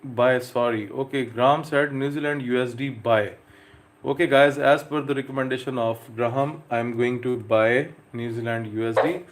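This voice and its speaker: A man's voice: medium pitch, steady tone, normal speed, slight background noise. A young man hosting a live stream, talking casually and hesitantly with many fillers as he reads out chat messages and answers viewers. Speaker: live trading stream host.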